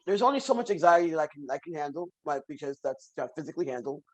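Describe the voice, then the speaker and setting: Animated man telling stories, fairly high voice. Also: rapid-fire, poor audio. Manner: animated storyteller, repeats phrases for emphasis. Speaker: podcast guest. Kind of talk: casual conversation.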